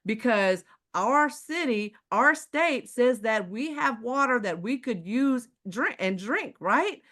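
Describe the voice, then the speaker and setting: A Houston woman with a Texan accent pitches water filters to a live chat audience, preachily throwing rhetorical questions at them. Her voice is fairly high and bright, with lively intonation and a slow pace.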